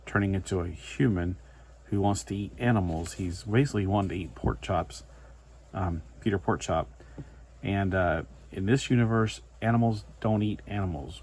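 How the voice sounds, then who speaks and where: A man's voice: low voice, slight background noise. A man giving a casual, rambling comic book review, full of chatty asides and filler words.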